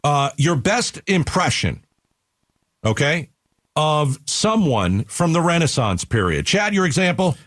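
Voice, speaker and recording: A man's voice: fairly high pitch, unhurried, dry recording, clean studio sound. A male radio host in casual, emphatic talk. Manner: energetic, emphatic.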